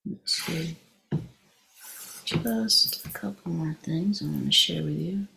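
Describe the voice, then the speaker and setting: A woman with a low, gravelly voice leads an informal meditation talk. She tells her story conversationally, pausing and restarting often and laughing along the way. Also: pushed and bright, soft background music. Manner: halting and conversational, many restarts, laughs while telling. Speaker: meditation teacher.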